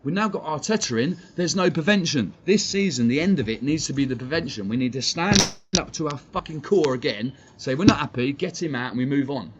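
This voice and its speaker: A man's voice: a little high, lively intonation, a little fast. Give me a combative man on a dull, lo-fi stream with faint background noise. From England. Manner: swearing, blunt and combative. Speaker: fan channel streamer. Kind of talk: heated live-stream rant.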